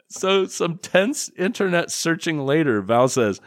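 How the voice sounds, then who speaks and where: A man's voice: on the high side, very animated, takes it slowly, hardly any pauses, no echo, clean studio sound. A man recapping a movie in casual chat, sarcastic and incredulous, swearing freely and breaking into laughter. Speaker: podcast co-host.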